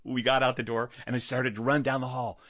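A man telling a childhood story to listeners, animated and acting out the other people in it. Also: mid-range voice, fairly quick, no room sound. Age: adult. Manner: animated, acts out the other voices. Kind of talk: personal storytelling performance.

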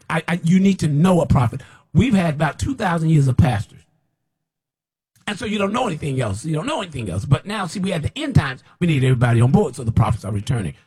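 With a mid-range, slightly mellow voice that has a breathy edge, a self-proclaimed prophet preaches at the camera, rambling, scolding bluntly, and going over the same points repeatedly.

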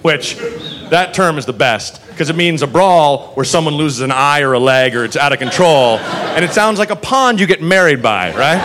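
On a comedy club stage, a young man tells a profane stand-up story, animatedly acting out its characters in different voices. His voice is on the high side at a moderate pace. The live crowd can be heard laughing, with slight background noise.

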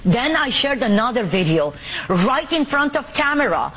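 High-voiced, forceful woman from the Middle East. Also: very animated, moderate pace, a little hiss or hum. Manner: forceful, indignant, insistent. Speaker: activist guest. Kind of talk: interview.

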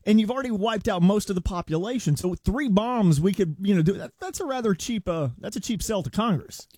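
A male radio co-host with a notably high yet mellow, warm-toned voice trades sarcastic jabs in political banter. He chuckles at his own lines, and his voice sounds dry and close on a studio mic. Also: animated, brisk, no echo. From United States. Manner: wry and sarcastic, laughs at his own jokes.

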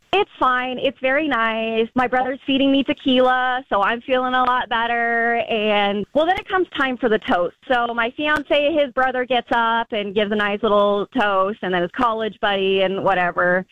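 A woman with a slightly high voice tells a story to a radio show with lively energy and frequent laughter. The sound is dry and a little dull. She carries the story on with big feeling, like a caller sharing something wild. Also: no room sound. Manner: animated storyteller, laughs often.

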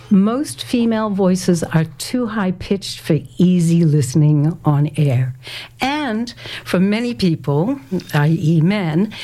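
A woman in her sixties, once a community radio volunteer, reminisces as an interview guest. Her mid-range voice is mellow, and she's thoughtful and hesitant, reading quotes aloud and laughing often.

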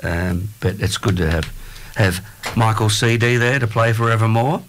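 A man's voice: fairly low pitch, steady tone, a little hiss or hum. Rambling Australian man hosting. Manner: rambling, halting with many fillers. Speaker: radio host. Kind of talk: casual chat.

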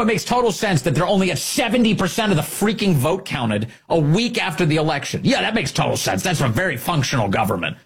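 A man's voice: a little high, very animated, quick pace, hardly any pauses, husky. A man hosting a political commentary show, ranting in a sarcastic, heated manner. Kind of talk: opinion show monologue.

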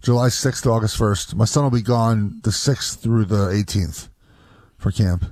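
A man's voice: lowish voice, a little slow, a little mellow, dry recording, clean studio sound. A middle-aged man in casual chat, easygoing and full of fillers.

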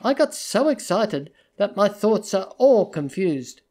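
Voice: medium pitch, big pitch swings, slow pace, darkish tone, pitched above the performer's own voice. A storybook reader voicing a distraught young woman who pleads and threatens in a tense, urgent way. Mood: pleading.

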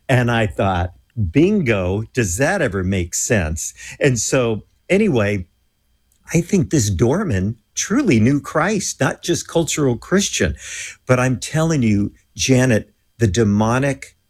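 A man being interviewed as a guest, telling a lively story and acting out the voices of the people in it. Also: mid-range voice, takes it slowly, breathy edge. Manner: animated storyteller who acts out quoted voices.

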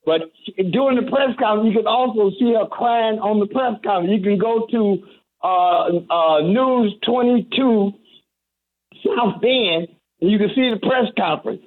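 High-pitched reverend man on a radio call-in, earnest and heavy, keeps restarting, tinny phone sound. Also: moderate pace. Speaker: reverend and community advocate.

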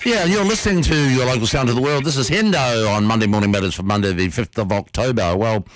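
A man hosting a radio show, telling a story in a lively, animated way from a studio. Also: on the low side, no echo, low-quality recording. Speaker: radio host.

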